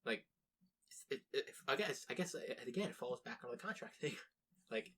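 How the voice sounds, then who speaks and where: A young man chatting on a podcast in a loose, rambling way, tripping over restarts and cursing freely. His voice is mid-pitched and notably bright. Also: animated, fairly quick, a little hiss or hum. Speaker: podcast co-host. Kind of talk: casual chat.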